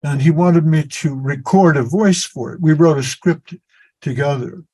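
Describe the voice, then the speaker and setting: A man's voice: fairly high pitch, normal speed, darkish tone, poor audio. A man telling a meandering, self-deprecating story on a video call as a spiritual teacher. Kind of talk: anecdotal storytelling.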